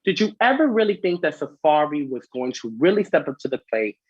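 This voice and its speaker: A sassy man dishes gossip in a chatty, animated way as a vlog host. His voice is husky and breathy, sitting in a middling pitch. The sound is dry and slightly dull, like a lo-fi home recording. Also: brisk, dry recording.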